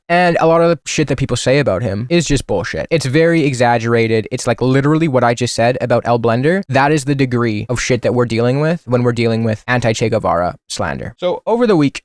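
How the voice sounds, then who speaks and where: A man's voice: mid-range voice, dry recording, studio quality. Sarcastic, profane male streamer. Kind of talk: reaction stream commentary.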